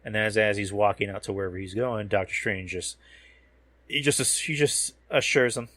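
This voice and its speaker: Man, low voice, dry close sound, casual profane recap, rambling. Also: normal speed, a bit bright, no echo. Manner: rambling, profane, loses words mid-sentence. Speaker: podcast host. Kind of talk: casual recap while watching a show.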